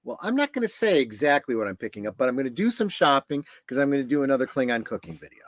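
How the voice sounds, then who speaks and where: A man who is a regular on a casual chat show, with a voice that swings up and down. He sounds lively and laughs easily, and the sound is dry with no room around it. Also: medium pitch, fast talker, dry recording. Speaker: regular co-host.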